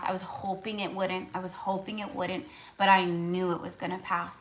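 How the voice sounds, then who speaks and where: A woman's voice: on the low side, level tone, normal speed, a little hiss or hum. A woman tarot reader talking casually on a live stream, rambling and emotional, with lots of fillers.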